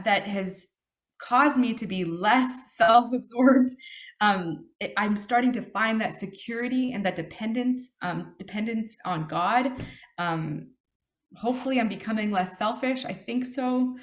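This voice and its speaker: A woman in her thirties giving a personal recovery testimony, earnest and reflective, with frequent fillers and restarts. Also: on the high side. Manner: earnest and reflective, with many fillers and self-corrections. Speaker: speaker sharing her recovery story.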